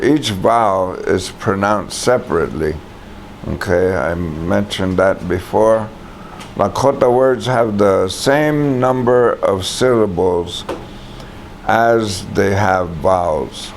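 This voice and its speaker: A man's voice: fairly low pitch, a little hiss or hum. A man teaching a language class, patiently saying words aloud for the students to repeat.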